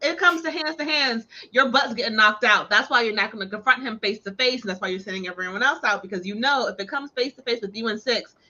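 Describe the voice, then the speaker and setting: Bright-voiced woman, emphatic co-host. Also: fairly high pitch, fast, hardly any pauses, dull audio. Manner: emphatic, heated opinions. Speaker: podcast co-host. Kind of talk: casual movie discussion.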